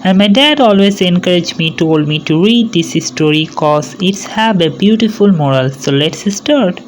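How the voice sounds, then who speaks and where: A woman's voice: on the low side, animated, moderate pace, hardly any pauses, a little hiss or hum, poor audio. A young woman hosting her channel and reading a story aloud, careful with small slips. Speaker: channel host, story reader.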